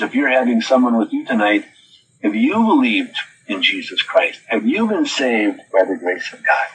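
A man's voice: fairly low pitch, a bit bright, a little hiss or hum, poor audio. A man preaching a sermon who reads quotes from his notes and then answers them with pointed questions.

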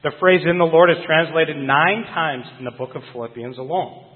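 A man preaching a sermon earnestly, putting emphasis on key phrases and slowing down on them. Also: on the high side. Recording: phone-like sound with long hall reverb.

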